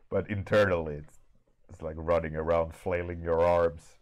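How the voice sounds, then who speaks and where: A man streaming an art warmup and chatting casually with his live audience, telling stories in an easygoing, unhurried way. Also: low voice, steady tone. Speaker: artist streaming a warmup session.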